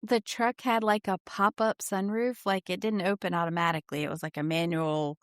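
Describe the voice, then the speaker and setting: A middle-aged woman co-hosting a casual chat, telling lively anecdotes. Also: medium pitch, fairly quick, dry recording, clean studio sound. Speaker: podcast co-host.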